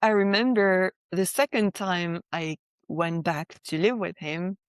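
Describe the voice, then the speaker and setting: A woman's voice: fairly low pitch, a little slow, no room sound. A young woman from France, sharing a personal testimony as a podcast guest in a chatty way, peppered with "like" and "right?".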